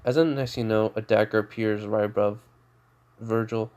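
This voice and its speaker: A man's voice: fairly low pitch, monotone, normal speed, darkish tone, smooth. A man tells a fan-made story off the cuff. He rambles, leans on filler words and often restarts his sentences. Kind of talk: casual improvised storytelling.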